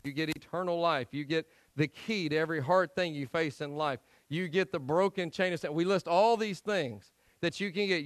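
A male pastor preaching a sermon to his church, telling stories with acted-out voices and swinging between loud emphasis and quiet asides. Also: mid-range voice, dry recording, rough recording. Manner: animated storytelling, acts out quoted voices. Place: church sanctuary.

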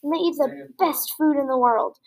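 A woman voicing a curious, earnest young female bat in a storybook reading, bright and excitable. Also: high-pitched, moderate pace, gravelly. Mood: eager. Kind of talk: storybook read-aloud.

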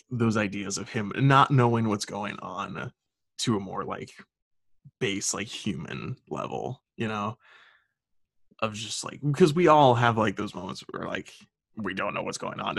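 Young guy rambling on a podcast call, gravelly voice, dry sound. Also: on the low side, fairly bright tone, dry recording. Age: young adult. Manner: rambling, filler-heavy, laughs often. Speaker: podcast host. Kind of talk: casual chat. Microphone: remote call mic.

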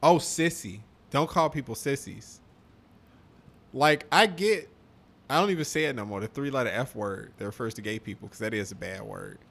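A man's voice: medium pitch, moderate pace, gravelly, fairly bright tone. A young man co-hosting a podcast, rambling in a loose, profane casual chat full of "like" and "man". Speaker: podcast co-host.

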